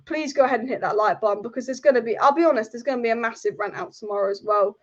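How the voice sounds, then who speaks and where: A woman's voice: a little high, racing, dull audio. A woman hosting a football live stream, furious and exasperated, repeating herself as she rants. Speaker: football channel host.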